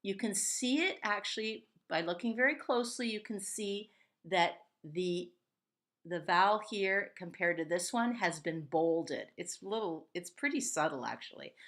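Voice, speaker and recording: A middle-aged woman guides a Hebrew reading lesson at a very unhurried pace. Her voice sits a little low, and she patiently breaks each word into syllables and repeats it. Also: fairly bright tone. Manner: patient, sounds out words syllable by syllable. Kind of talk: slow step-by-step reading lesson.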